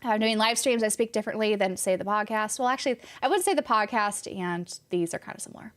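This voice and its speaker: Speaking quickly at a medium pitch, a young woman from California with a slight Californian accent hangs out on a game stream, answering chat in a casual, rambling way punctuated by laughter.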